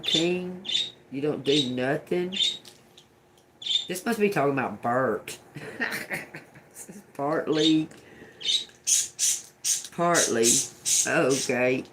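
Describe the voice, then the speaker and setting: A man giving a casual live oracle reading, pitched a little high and taking his time. He mutters single words as he works through them and swears freely. Now and then he breaks off to scold someone nearby. A faint hiss sits under the voice. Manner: profane, muttering word by word. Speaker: livestream oracle reader.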